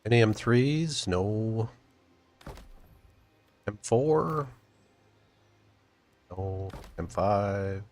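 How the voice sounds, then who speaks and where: Low-voiced man streaming a game. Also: extremely slow, long pauses, slight background noise. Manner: relaxed, thinking aloud while playing. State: chewing food. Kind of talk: casual gameplay commentary.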